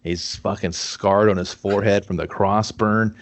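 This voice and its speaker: Young guy with a really low voice, swearing a lot while he retells a movie. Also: normal speed. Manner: animated, profane, acts out movie lines. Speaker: podcast co-host. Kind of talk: casual movie recap chat.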